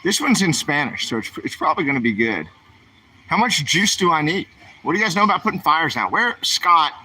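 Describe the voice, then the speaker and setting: A man's voice: fairly high pitch, big pitch swings, brisk, pushed and bright, breathy edge. A man, streaming while he walks the aisles of a store, chatting and asking his viewers questions. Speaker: vlogger. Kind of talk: livestream vlog while shopping.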